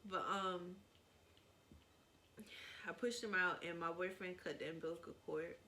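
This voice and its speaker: A woman's voice: on the low side, fast, bright, forceful tone, slight background noise. A young woman vlogger telling a casual, rambling story, with many "like"s.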